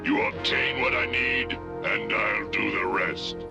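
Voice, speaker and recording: A man voicing a menacing male cyborg villain mastermind from an animated cartoon, with a grumbly, robotic voice and slow, commanding threats. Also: fairly low pitch, creaky, loud music behind the voice, heavily acted.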